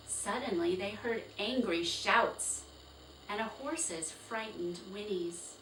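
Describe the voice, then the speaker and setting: Slow bright-voiced woman reading a story. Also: medium pitch. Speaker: storybook reader. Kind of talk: children's read-aloud narration. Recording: roomy, distant, faint hiss.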